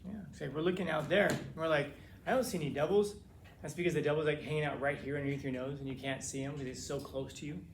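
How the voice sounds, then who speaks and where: A man's voice: fairly high pitch, little pitch movement, quick pace, hardly any pauses, reverberant, a little hiss or hum. Casual male teacher lecturing a class. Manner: casual, repeats words when searching for phrasing.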